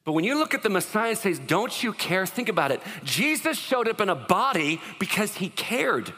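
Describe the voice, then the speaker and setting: Guy preaching sunday sermon, chatty and jokey, kinda high bright voice, big echoey church hall. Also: big pitch swings, a little fast. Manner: conversational, joking, asks the crowd questions. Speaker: pastor. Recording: long reverb of a large hall.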